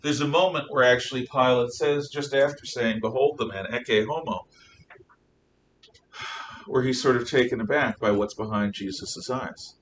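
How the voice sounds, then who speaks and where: Guy teaching a bible class, chatty and emphatic, bright tone, mic kinda far away. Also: mid-range voice, steady tone, normal speed, few pauses, slight background noise. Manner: conversational, emphatic storytelling with rhetorical questions.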